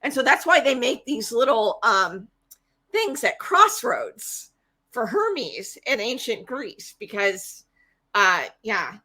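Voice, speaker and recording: High, lively woman telling stories. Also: slow pace. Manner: animated retelling with acted-out voices. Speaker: podcast co-host. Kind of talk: casual storytelling.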